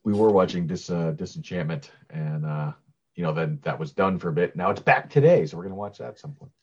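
Low husky man, joking co-host. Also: fairly quick, highs cut off. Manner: joking, easygoing, laughs often. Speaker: podcast co-host. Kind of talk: casual movie chat.

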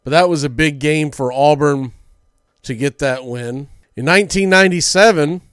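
Male sports radio host, chatty storyteller, slightly high voice, dry close mic. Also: normal speed, a bit bright, smooth, no room sound. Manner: storytelling, chatty with small slips.

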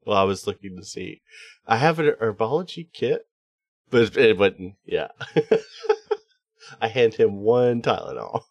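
A man's voice: fairly low pitch, animated, measured pace, vocal fry, pauses often, no room sound, lo-fi sound. A man playing a tabletop game, talking in a rambling way and laughing often. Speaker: player.

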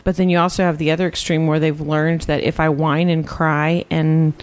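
A woman's voice: deep voice, normal speed, clean tone. Playful mother chatting on a podcast. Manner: lively, playful, gives everyday examples. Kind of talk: casual chat.

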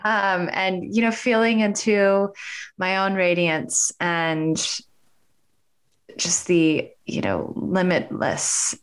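Middle aged woman guest, kinda low voice, slow and teary, lots of ums. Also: clean tone. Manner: emotional, hesitant, many fillers. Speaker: podcast guest. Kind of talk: interview conversation.

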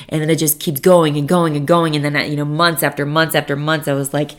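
Low-voiced, cursing young woman podcaster. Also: fairly even intonation, a little fast, few pauses. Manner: rambling and profane, with many "like" fillers. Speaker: podcast host. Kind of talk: casual solo podcast monologue. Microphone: podcast microphone.

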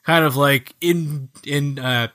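A man co-hosting a podcast, chatting casually about video games in a jokey, animated way and acting out lines from the game. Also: fairly high pitch, slow pace. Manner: animated, jokey, acts out quoted game characters. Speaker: podcast co-host.

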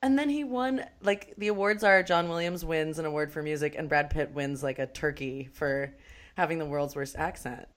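A woman co-hosting a podcast, chatting casually about a film, animated, laughing and swearing often. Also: low voice, normal speed. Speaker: podcast co-host.

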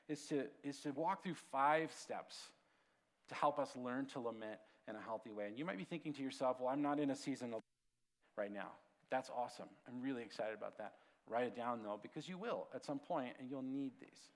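A man preaching a sermon as pastor, conversational and animated, swinging from lively storytelling to quiet, hushed asides. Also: medium pitch, fairly quick. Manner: conversational, animated storytelling with sudden drops to a hush.

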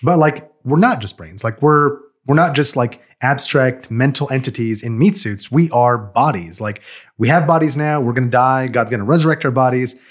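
A man chats in an easygoing, quick way, scattering "like" and "um" through his sentences as he works out his points. His voice sits at a middling pitch. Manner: quick, filler-heavy speech with many "like"s. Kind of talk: casual chat.

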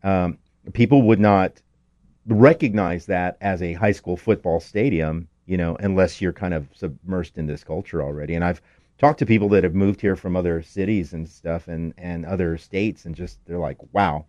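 A man's voice: deep voice, moderate pace, darkish tone, no room sound, lo-fi sound. A man from Texas, co-hosting a radio talk show, tells rambling stories full of fillers in a casual chat. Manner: rambling storyteller with many fillers.

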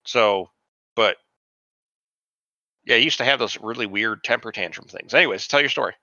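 A man's voice: mid-range voice, normal speed, sharp tone, dry recording, muffled recording. A man co-hosting a podcast in casual chat, talking loosely with fillers. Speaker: podcast co-host.

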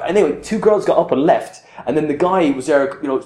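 Male stand-up comic, lively swearing anecdotes, slightly high voice, echoey room. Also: brisk. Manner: animated storyteller, swearing, acts out scenes loudly. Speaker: stand-up comedian. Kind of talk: casual chat.

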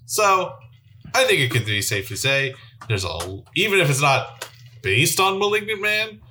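A man's voice: on the high side, sing-song, normal speed, bright, forceful tone, slight background noise. A man reviewing films on a podcast, thinking aloud in a musing way with many fillers. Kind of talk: casual chat.

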